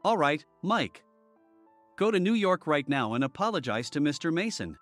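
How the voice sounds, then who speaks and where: A man voicing a male office supervisor who gives brisk orders. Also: a little high, big pitch swings, fairly bright tone, soft background music. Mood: commanding.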